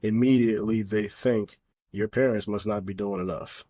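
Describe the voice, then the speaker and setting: A man's voice: lowish voice, steady tone, moderate pace, warm tone, slight background noise. A middle-aged man co-hosting a podcast, talking in an earnest, opinionated way with lots of fillers. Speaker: podcast co-host. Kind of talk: casual chat.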